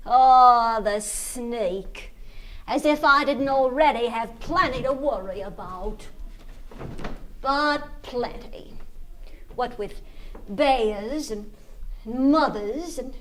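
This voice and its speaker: A woman playing a lonely little girl lost in the woods, talking to herself in a childish, rambling way and singing a spooky song in a stage monologue. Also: high voice. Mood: fretful.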